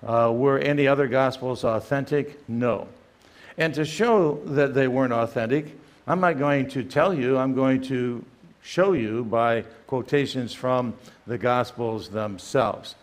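An older man giving a firm, emphatic lecture as a guest speaker, often pausing with "uh" between phrases. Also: medium pitch. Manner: emphatic, many "uh" fillers, reads quotations aloud. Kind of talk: apologetics lecture.

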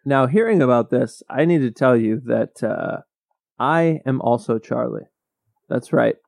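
A man co-hosting a podcast, chatting casually at a middle pitch. His stories wander and restart as he goes. The sound is close and dry, with no room around it. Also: animated, unhurried, gravelly, darkish tone, no room sound. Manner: rambling, self-interrupting storyteller. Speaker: podcast co-host. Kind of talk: casual chat.

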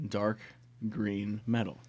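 A man's voice: fairly low pitch, completely flat delivery, slow pace, a little mellow. A man narrating as game master in a casual tabletop game, with dry jokes.

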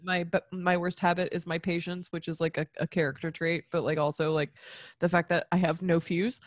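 A woman's voice: on the low side, level tone, fairly quick, no echo. A woman co-hosting a casual chat, tipsy and rambling off on giggly tangents. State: tipsy from tequila. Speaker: podcast co-host.

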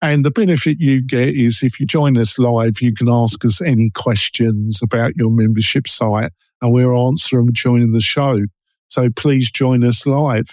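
A man's voice: mid-range voice, steady tone, moderate pace, a little mellow, no room sound. A man with an East London and Essex English accent hosting a casual podcast interview, chatty and full of ums and self-interruptions. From England. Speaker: podcast host.

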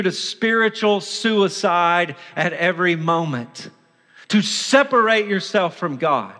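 Pastor, male, fairly high voice, earnest sermon delivery, long hall reverb. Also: measured pace, sharp tone. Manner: earnest preaching, dramatizing the voice of sin. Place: church sanctuary.

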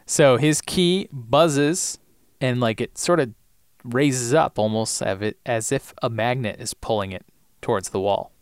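A man's voice: medium pitch, a little slow, clean tone, dry recording, studio quality. A man co-hosting a podcast, casually retelling a TV episode in a loose, rambling way. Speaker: podcast co-host.

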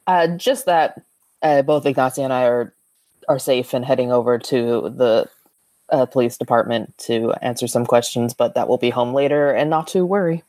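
A woman's voice: rumbling low, normal speed, darkish tone, no echo. A woman playing a tabletop role-playing game, politely speaking for her character. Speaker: player.

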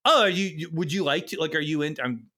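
A man's voice: fairly high pitch, fast talker, pushed and bright, slight background noise. A man in his thirties, a podcast guest, telling a rambling, self-deprecating story with frequent laughter in casual chat.

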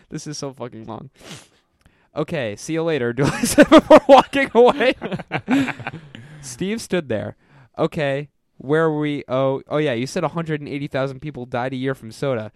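A man's voice: mid-range voice, no echo. A man reads a wild listener story aloud on a podcast. He jumps between the characters' voices and keeps breaking into laughter. His voice sits in a middle register and sounds dry and close to the mic. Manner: reads dialogue with quick voice shifts, breaks into laughter. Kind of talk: casual reading aloud with chat.

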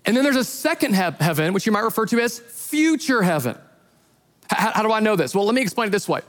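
A man who is a pastor, preaching a sermon as an animated storyteller who acts out the voices in his retellings. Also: sits high, fast, big-room sound.

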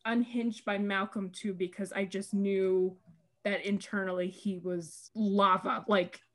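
A woman co-hosting a podcast in casual chat, animated and quick to laugh, speeding up when she gets worked up. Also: mid-range voice. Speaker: podcast co-host.

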